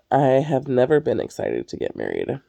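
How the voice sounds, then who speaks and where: A woman's voice: a bass voice, huge pitch swings, measured pace, creaky, dark tone. A young woman host chatting casually and candidly, rambling and swearing freely. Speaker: podcast host. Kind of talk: casual chat.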